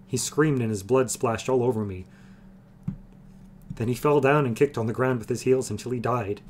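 A man reading aloud, voicing a gentle young male blacksmith who speaks shakily. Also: mid-range voice, moderate pace, a little hiss or hum, lightly acted. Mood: shaken. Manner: shaky, tearful.

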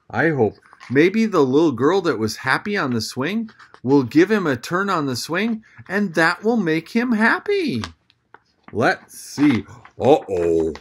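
A children's church storyteller reading a picture book aloud and talking directly to kids, with gasps and an animated manner. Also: mid-range voice, breathy edge.

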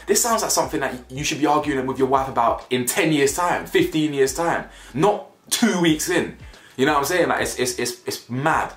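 Here a reality TV reviewer casually airs his opinions on a show, speaking bluntly with slang and repeating himself to stress points. He has a mid-range voice with lively intonation at a normal speed, and the echoey room carries faint music.

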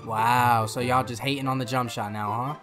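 A man commentates his own gameplay live, trash-talking the other players and cursing freely. He jumps between loud, excited outbursts and low, muttered asides. Game music plays clearly behind his voice. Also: moderate pace. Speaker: gaming streamer.

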